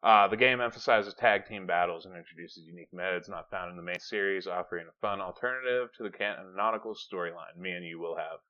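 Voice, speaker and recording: A man's voice: deep voice, a little fast, few pauses. A man hosting a podcast, chatting casually, rambling and swearing, sometimes reading from notes. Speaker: podcast host. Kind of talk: casual chat. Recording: dull lo-fi podcast audio.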